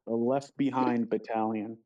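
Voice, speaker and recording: A man's voice: mid-range voice, fairly even intonation, unhurried, warm tone. A man playing a tabletop game over a muffled, distant mic, narrating his character's actions in third person. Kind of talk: casual in-character chat over voice call.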